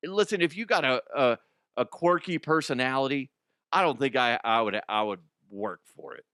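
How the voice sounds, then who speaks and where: A man's voice: medium pitch, animated, normal speed, pushed and bright, clear, resonant tone, no room sound, clean studio sound. A man hosting a comedy news show, rambling and profane, often dropping into silly put-on voices.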